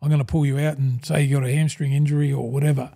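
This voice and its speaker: Husky-warm Australian man, mate-peppered yarns. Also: medium pitch, level tone, racing. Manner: rambling, calls the host 'mate' constantly, acts out old conversations. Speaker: guest, former rugby league front rower. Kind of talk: casual storytelling interview.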